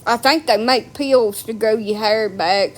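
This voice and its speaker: Lady ranting, cussing a lot, mocking, kinda high voice. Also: unhurried. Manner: blunt, profane, mocking. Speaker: vlogger. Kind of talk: ranting monologue.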